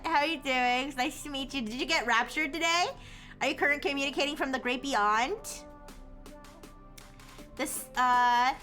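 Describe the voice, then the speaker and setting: A woman's voice: sits high, normal speed, bright, forceful tone, soft background music. A young woman chatting casually on a livestream, answering chat messages and giggling often.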